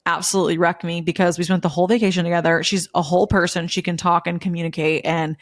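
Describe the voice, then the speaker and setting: A woman's voice: fairly low pitch, little pitch movement, quick pace, dry recording, studio quality. A woman, hosting a podcast in casual, gushing, emotional chat full of fillers. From Memphis, USA. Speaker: podcast host.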